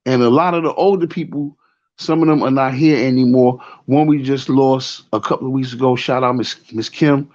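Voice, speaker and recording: A man's voice: mid-range voice, moderate pace, darkish tone, lo-fi sound. A man with a New York accent telling a rambling story in casual talk, often repeating "you know what I'm saying.". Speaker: show host.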